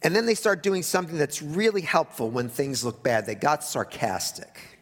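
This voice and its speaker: A man preaching a sermon in a conversational way, with wry asides, sometimes dropping to a hush for emphasis. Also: on the high side, sing-song, moderate pace, big-room sound. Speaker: pastor.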